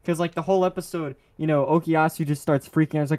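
A man's voice: on the high side, steady tone, quick pace, few pauses. A young man co-hosting a podcast in casual chat, giving blunt, offhand opinions. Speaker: podcast co-host.

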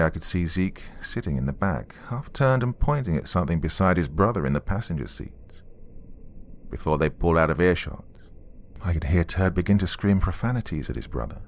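Very deep-voiced man telling a story. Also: a little hiss or hum. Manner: dry, wry, matter-of-fact with dark humor. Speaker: former police officer telling a true story. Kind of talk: storytelling narration.

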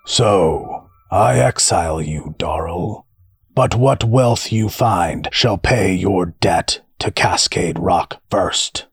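A man voicing a gruff, stern magistrate in an audiobook fantasy story. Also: sits low, drawn-out words, dry recording, soft background music, full character voice.

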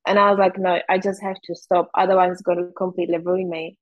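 A woman's voice: fairly low pitch, level tone, dull audio. Woman with a Czech accent, candid. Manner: candid, fast, heavy use of "like". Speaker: guest. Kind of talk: casual interview chat.

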